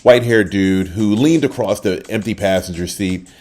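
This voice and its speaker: An older man hosting a short podcast, telling a personal story in a casual, lively way and acting out the people he quotes. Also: on the low side, normal speed. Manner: animated, acts out quoted voices, trails off at the end. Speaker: podcast host.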